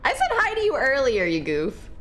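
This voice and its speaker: Female streamer, slightly high voice, lively and swearing, casual game commentary, light background hiss. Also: normal speed. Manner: animated, swearing, laughing, chatting with viewers.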